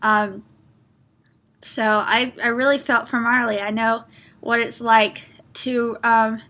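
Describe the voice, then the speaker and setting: A woman's voice: on the high side, little pitch movement, slow pace, pushed and bright. A woman talking casually in a book review vlog, earnest and rambling with many fillers and restarts, openly emotional and close to tears.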